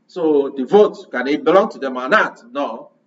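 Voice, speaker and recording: A man's voice: medium pitch, lively intonation, normal speed, fairly bright tone, far from the mic, dull audio. A man preaching a sermon, pressing his listeners with repeated rhetorical questions.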